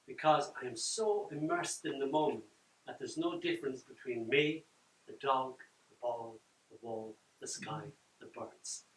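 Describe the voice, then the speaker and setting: Older poet, roomy and distant. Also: male voice, mid-range voice, unhurried, slight background noise. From Ireland. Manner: dramatic delivery, swinging from loud to near-whisper. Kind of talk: live poetry reading with chat. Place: event room at a book launch. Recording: roomy echo from far off.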